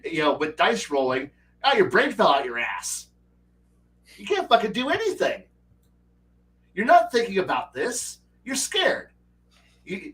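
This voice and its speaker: A man hosting a casual livestream, telling profane, animated stories about running a tabletop game. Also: high voice, distant mic, poor audio. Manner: animated, profane storytelling with acted player quotes. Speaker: stream host and game master.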